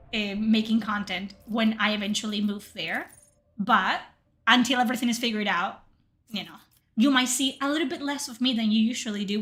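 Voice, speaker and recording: A woman's voice: on the high side, pushed and bright. A woman streaming a game, chatting casually and swearing, reading chat aloud. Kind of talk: casual livestream chat while gaming.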